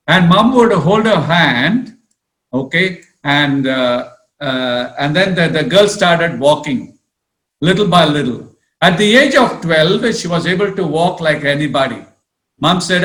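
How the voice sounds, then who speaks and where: Man, priest, sermon storytelling, unhurried, high voice, echoey room. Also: lively intonation, fairly bright tone. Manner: slow, repeats "okay" and "uh", acts out quoted voices.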